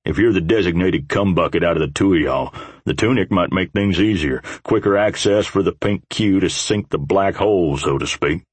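A man voicing a crude, mocking biker in a storybook reading, with a deep, husky voice and a dry sound. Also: moderate pace, no room sound. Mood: taunting. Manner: crude, taunting.

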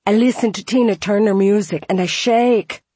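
A woman voicing an excitable young man with a Scottish accent who talks in a sing-song, as part of a memoir reading. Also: medium pitch, moderate pace, slightly rough, no room sound, voice pushed up, close to an everyday voice. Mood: excited sing-song.

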